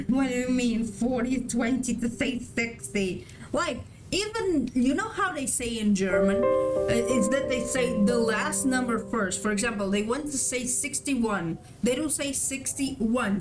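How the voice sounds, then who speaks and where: Animated swearing woman. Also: a little high, measured pace, recorded from a distance, poor audio. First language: Portuguese. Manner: animated, swears freely, joking rants. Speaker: streamer playing a story game. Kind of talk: casual let's-play chat. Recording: voice a bit off-mic under loud game music.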